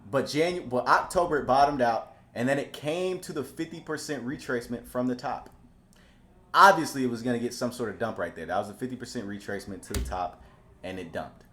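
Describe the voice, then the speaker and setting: Excited male stock market commentator. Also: medium pitch, fairly quick. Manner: animated, swings from calm to excited; repeats himself and restarts often. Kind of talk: casual market commentary over charts.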